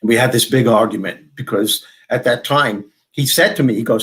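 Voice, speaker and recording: Animated New man telling a story. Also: medium pitch. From Long Island, New York. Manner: animated storyteller who acts out dialogue in quick bursts. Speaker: guest, motivational speaker and former comedian. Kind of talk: storytelling in a podcast interview.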